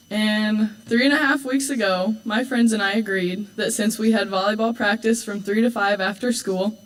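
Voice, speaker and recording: A woman's voice: mid-range voice, poor audio. Teenage girl giving a teasing school speech. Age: late teens. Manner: warm, teasing, with dry asides. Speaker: homecoming court candidate.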